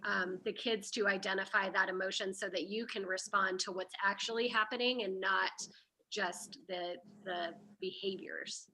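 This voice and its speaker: A woman's voice: medium pitch, fairly even intonation, moderate pace, bright, forceful tone, rough recording. A woman hosting a casual discussion, guiding the topics conversationally. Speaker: host.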